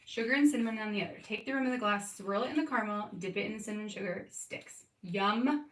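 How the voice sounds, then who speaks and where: A woman in her thirties with a medium-pitched, somewhat bright voice hosts a live scrapbooking stream. Giggling, she chats casually with viewers by name during the crafting session, and the recording sounds roomy and distant.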